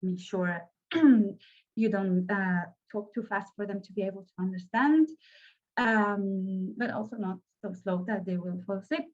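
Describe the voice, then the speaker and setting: Spanish woman trainer, mid pitch, hesitant delivery, muffled audio. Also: a little mellow. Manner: halting, many fillers and restarts. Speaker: workshop trainer. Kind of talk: online training workshop.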